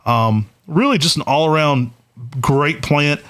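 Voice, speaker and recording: A man's voice: fairly high pitch, a little slow, fairly bright tone. A man co-hosting a podcast, chatting casually and with enthusiasm, with plenty of "uh" fillers. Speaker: podcast co-host.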